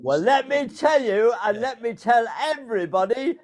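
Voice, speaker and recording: A man's voice: very high-pitched, lively intonation, normal speed. An older man hosting a playful true-or-false quiz over a video call, teasing his guests and laughing often. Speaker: quiz host.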